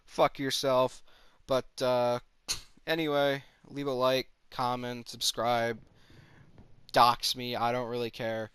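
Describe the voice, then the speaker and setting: A man's voice: mid-range voice, flat delivery, takes it slowly, a bit bright, clean tone, no echo. Exasperated man ranting with heavy profanity. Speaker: gaming video creator. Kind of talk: ranting commentary over gameplay.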